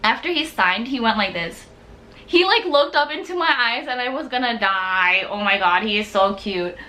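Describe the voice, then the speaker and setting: A young woman from the United States, telling a story in a casual vlog, excitable and gushing, with lots of "like.". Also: on the high side, normal speed. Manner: excitable, gushing, heavy use of "like". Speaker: vlogger.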